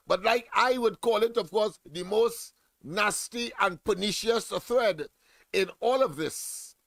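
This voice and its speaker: Gravelly emphatic talk host. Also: male voice, high-pitched, fairly bright tone, dry recording. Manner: emphatic, repetitive, heavy fillers. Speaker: radio talk show host. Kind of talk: political talk radio monologue.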